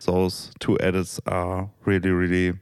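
A man with a low voice hosts a casual radio music show. He talks very slowly, relaxed and unhurried, and the recording is dry and close with no room sound. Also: no room sound.

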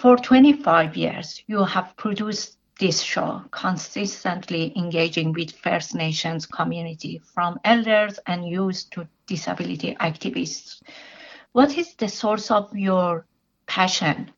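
A woman with a somewhat low voice asks measured questions as a radio interviewer. The recording is muffled and lo-fi. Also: vocal fry.

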